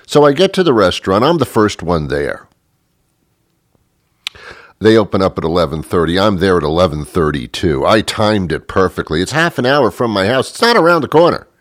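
A man's voice: sits low, normal speed, dry recording, clean studio sound. A middle-aged man telling a rambling, sarcastic comic story about himself. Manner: sarcastic, self-mocking, lively rambling. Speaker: comedic storyteller. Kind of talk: comedic monologue.

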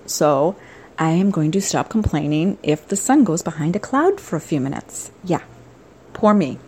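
An older woman hosts a podcast, rambling wryly about her trip as the setting shifts from outdoors to indoors. Her voice sits on the low side with a warm tone, though the recording is rough. It's a casual, monologue-style travel vlog.

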